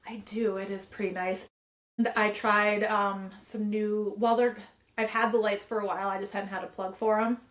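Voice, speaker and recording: A woman co-hosting a casual chat podcast, easygoing and quick to laugh. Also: medium pitch, little pitch movement, fairly bright tone. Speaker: podcast co-host. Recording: roomy echo.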